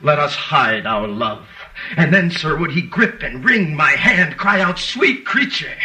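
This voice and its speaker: Iago, a sly scheming villain. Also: male voice, fairly high pitch, animated, a little slow, pushed and bright, soft background music, full character voice, low-quality recording. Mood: insinuating. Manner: sly, insinuating, theatrical. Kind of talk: 1940s radio acting.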